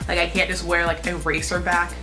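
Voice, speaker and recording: A woman's voice: lowish voice, flat delivery, fairly quick, music in the background, rough recording. A woman hosting a casual reality-TV recap, chatty and profane, packed with "like". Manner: chatty, profane, constant filler "like". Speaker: host.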